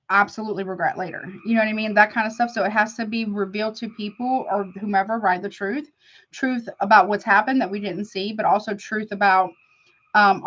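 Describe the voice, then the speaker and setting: Woman, tarot host, chatty and warm-hearted with viewers, mid-pitched, slightly muffled audio. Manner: chatty and affectionate, calls viewers honey. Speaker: tarot reader. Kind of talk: casual live-stream tarot chat.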